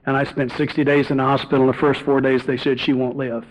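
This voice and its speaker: A middle-aged man gives a personal testimony at a recovery meeting, earnest and confessional, bantering with the people in the room. His mid-range voice is fast with little pitch movement. The audio is a dull, lo-fi tape recording.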